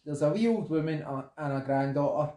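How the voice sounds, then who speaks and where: A man's voice: fairly high pitch, animated, fairly quick, warm tone, reverberant. A Scottish man co-hosting a podcast in casual chat, telling stories earnestly and often restarting his sentences. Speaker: podcast co-host.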